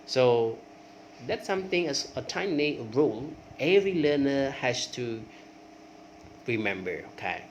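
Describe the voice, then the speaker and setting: In this grammar lesson, a native Khmer speaker drills English word forms aloud at a measured pace, his medium-pitched voice swinging widely and rising on examples. He checks in with "okay" frequently. The recording carries a little hiss or hum.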